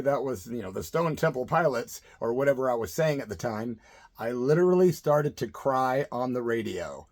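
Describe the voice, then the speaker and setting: A man's voice: mid-range voice, animated, moderate pace. Laid-back middle-aged male radio DJ. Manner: laid-back, rambling, says "man" a lot. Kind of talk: casual storytelling to camera.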